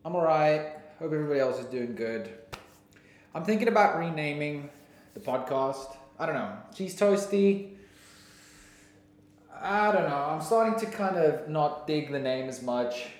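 A man's voice: on the high side, lively intonation, unhurried, long pauses, echoey room. A young man hosting his own podcast alone, rambling in a goofy, casual way and sometimes slipping into silly voices. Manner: goofy, jumps between silly voices and mumbling. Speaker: podcast host.

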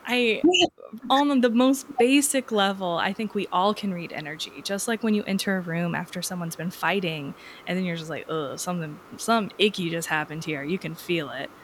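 A woman's voice: lowish voice, moderate pace, a little hiss or hum. A woman talking casually as an interview guest, chatty and full of filler words, laughing often. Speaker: energy healer guest.

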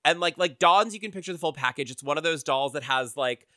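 A podcast co-host chats casually, rambling and using lots of fillers. His voice is fairly high, animated, fast and bright with a forceful tone, recorded at studio quality with no echo.

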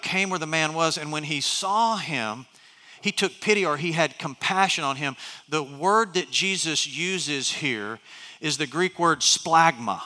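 A man's voice: a little high, sharp tone, big-room sound. A middle-aged man preaching a sermon as pastor, telling stories with many restarts and asides. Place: large church hall.

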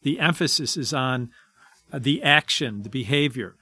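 A man reading scripture verses aloud and then explaining them in a measured, deliberate way. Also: mid-range voice, expressive, sharp tone, breathy edge, no room sound.

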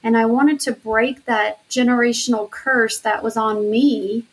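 A woman's voice: on the high side, fairly even intonation, a little slow. A woman in her thirties giving an earnest, faith-filled personal testimony in an interview, emotional at times. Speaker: interview guest.

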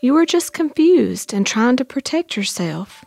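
A woman's voice: high-pitched, very animated, unhurried, vocal fry, a little mellow, dry recording, exaggerated voice. An actress playing a kindly, motherly aunt who comforts a young woman in folksy speech. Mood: comforting. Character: kindly motherly aunt in a rural Southern household.

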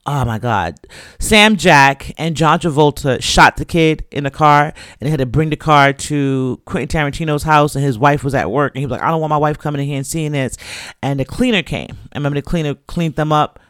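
A man's voice: fairly high pitch, normal speed, a bit bright, clean tone, no room sound, studio quality. A man giving a casual, profane recap of a TV show and acting out the characters' lines as he goes. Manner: loose, profane storytelling that acts out characters' lines.

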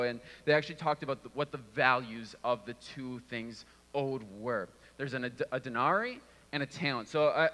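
Male preacher, fairly high, bright tone, casual sermon delivery in a reverberant hall. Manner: conversational, repeats words when restarting.

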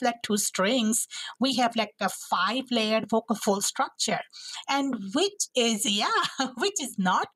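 A woman's voice: a little high, no room sound, rough recording. A woman speech-language pathologist explaining vocal health as a podcast guest, with frequent restarts and fillers. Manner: demonstrates voice qualities, laughs often.

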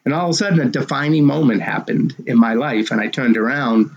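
Man, 60s, gravelly mid-pitched voice. Animated interview storyteller who acts out dialogue. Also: a little fast, dull audio. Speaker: race director telling his story.

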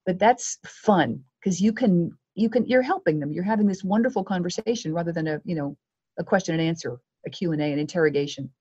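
A woman speaking as a guest media coach in a podcast interview, lively and acting out quoted exchanges. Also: fairly low pitch, fairly quick, husky, muffled recording.

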